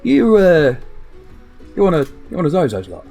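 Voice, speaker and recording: A man voicing an old male dwarf blacksmith with a sooty beard, talking slowly and trailing off in a tabletop role-play. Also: a little high, wildly swooping pitch, gravelly, mellow, soft background music, pitched above the performer's own voice, heavily acted. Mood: gruff.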